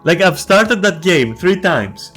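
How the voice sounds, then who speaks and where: A man's voice: sits high, very animated, slow pace, fairly bright tone, soft background music. A man on a game stream, ranting in casual chat, swearing a lot and restarting his sentences.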